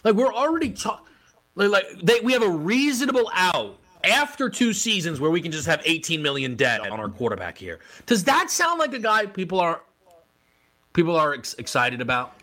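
A man's voice: sits high, sing-song, moderate pace, bright, forceful tone. A man hosting a sports talk radio show who asks incredulous, rhetorical questions.

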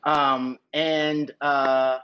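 A man's voice: medium pitch, extremely slow, clean tone. A middle-aged man, an actor, talking casually as a guest and acting out quoted voices with easy laughter. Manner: animated, acts out quoted voices, laughs easily. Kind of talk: casual interview talk. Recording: muffled, dull lo-fi audio.

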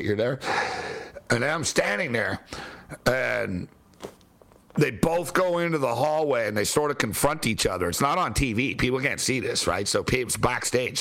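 A man telling a story in casual chat, animated and laughing as he talks, with some swearing. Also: mid-range voice. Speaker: podcast guest telling a story.

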